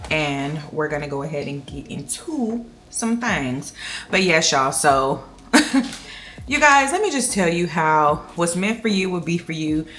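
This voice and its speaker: Low-voiced woman chatting while counting cash. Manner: chatty, counts money aloud in a slow steady rhythm. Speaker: budgeting vlogger. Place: indoors at home.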